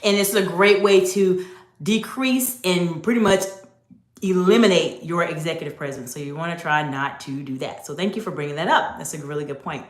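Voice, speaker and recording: A woman's voice: fairly low pitch, moderate pace. A woman executive coach giving an instructive talk, speaking directly and emphatically to the viewer. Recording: roomy echo.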